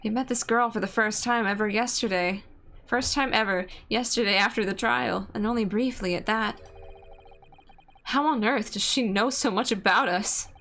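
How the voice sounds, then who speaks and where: A woman's voice: a little high, normal speed, a bit bright, a little hiss or hum. A woman reading game dialogue aloud, voicing an earnest young male lawyer in a wondering, slightly flustered way.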